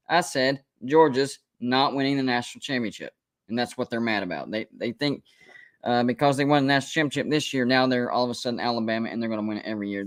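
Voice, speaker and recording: A man's voice: mid-range voice, a bit bright. A man hosting a live college football stream, talking casually, emphatic and repetitive as he defends his predictions. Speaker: college football show host. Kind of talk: live-stream sports commentary.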